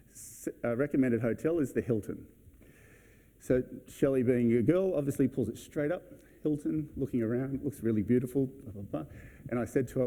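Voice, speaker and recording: Mellow man telling a story. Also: mid-range voice. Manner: casual, anecdotal, restarts and acts out scenes. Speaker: keynote speaker at a real estate event. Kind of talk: motivational talk with storytelling. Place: event hall on stage.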